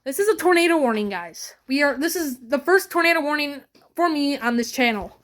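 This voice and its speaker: A woman's voice: high voice, lively intonation, a little fast, fairly bright tone, a little hiss or hum. A scared woman vlogging from a home basement during a storm, anxiously asking the same questions over and over. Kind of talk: live vlog during a storm.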